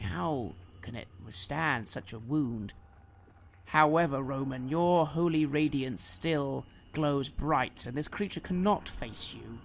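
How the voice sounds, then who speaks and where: Gravelly-voiced man narrating a horror game. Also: medium pitch, slight background noise. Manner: dramatic storytelling narration. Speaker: game master.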